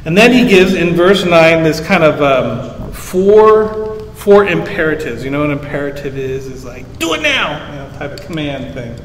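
High-voiced pastor in an echoey hall. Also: male voice, sing-song, moderate pace, slight background noise. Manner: conversational teaching, explains Hebrew terms simply, rises emphatic on scripture. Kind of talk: sermon. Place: church sanctuary.

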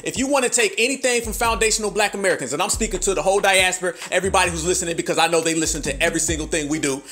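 This podcast host's voice sits high and a little bright. He delivers a heated, sermonizing monologue packed with rhetorical questions and crude slang.

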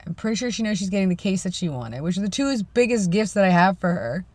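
A man's voice: high voice, expressive, fast talker, a little mellow, dry recording. A young man in his twenties, vlogging casually in a rambling, self-deprecating way. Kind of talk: casual vlog chat.

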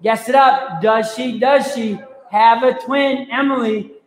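A man with a very high voice leads a youth group, playful and upbeat as he calls out to the crowd. The sound carries the long reverb of a large hall. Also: steady tone, takes it slowly. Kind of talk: lively talk to a student youth group. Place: large hall with a live audience.

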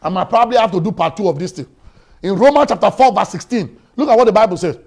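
Male pastor, high voice, energetic sermon delivery, stammers and repeats words. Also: quick pace. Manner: storytelling, swings from quiet to shouting, repeats words.

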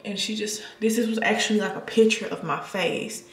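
A chatty young woman in her twenties gives a casual home tour vlog, calling her viewers y'all. Her voice has a gravelly, fry-tinged edge. She is recorded in an echoey room with a faint hiss behind her. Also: mid-range voice, fairly even intonation, a little fast. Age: 20s. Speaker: nurse vlogger. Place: her apartment, indoors.

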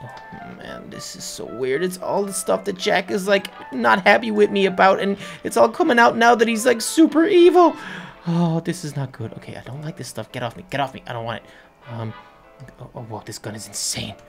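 A young woman hosting a game video, narrating excitably while she plays, rambling and stammering nervously as she goes. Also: medium pitch, moderate pace, gravelly, soft background music. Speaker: game video host playing a character. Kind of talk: game let's-play narration.

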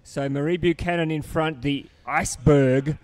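A man's voice: on the high side, fairly even intonation, moderate pace, darkish tone, dry recording. A man doing live sports commentary, teasing and chatty as he banters with his co-hosts. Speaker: lead commentator.

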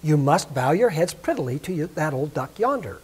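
A man's voice: fairly high pitch, big pitch swings, brisk, darkish tone, slightly rough. A man voicing a fussy, proud mother duck who scolds and frets in a raised voice. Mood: fussing.

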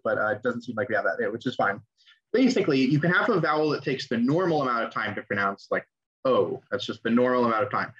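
A man's voice: medium pitch, a bit bright. A young man teaching an online class, explaining in a casual way with fillers and restarts. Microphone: video call. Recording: dull lo-fi audio.

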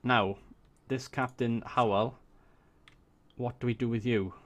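A man's voice: medium pitch, fairly even intonation, measured pace, a bit bright. A Welsh man casually thinking aloud as he commentates a strategy game, swearing when surprised. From Wales. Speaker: gaming YouTuber. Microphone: desk USB microphone.

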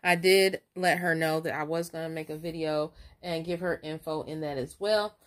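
Woman, casual vlog, chatty, excited, slight stutter, fairly low voice. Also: moderate pace. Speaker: couponing vlogger. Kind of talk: casual show-and-tell vlog.

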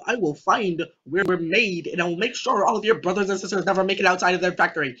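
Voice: medium pitch, fast talker, few pauses, fairly bright tone, breathy edge. A young adult gamer giving let's play commentary, joking, rambling and talking back at the game on screen. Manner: jokey, rambling, talks to the game. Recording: dull lo-fi recording.

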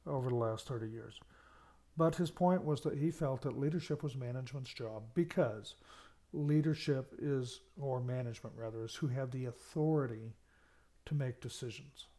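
A mellow, medium-pitched man speaking at a moderate pace gives a recorded management lecture as a university lecturer from the United States. He explains his material, underlines key words, and frequently checks in with "okay."

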